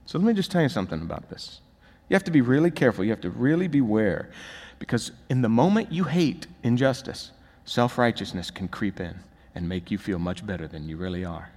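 Animated male pastor in a reverberant hall. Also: lowish voice, a little fast. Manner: emphatic preaching, building to rising, urgent peaks. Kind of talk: sermon. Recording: long reverb of a large hall.

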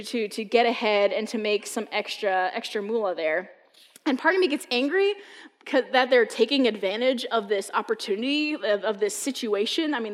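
A woman's voice: on the high side, big-room sound. A woman from the US East Coast giving a casual sermon, telling funny stories in a chatty way full of "like". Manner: humorous, chatty storytelling with frequent "like". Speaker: preacher. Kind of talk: conversational sermon.

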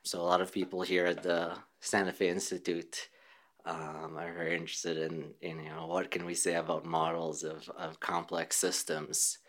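Thoughtful, low-voiced male physicist. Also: little pitch movement, normal speed, a bit bright. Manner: thoughtful, with small laughs and restarts. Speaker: physicist and researcher. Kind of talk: conversational interview answers.

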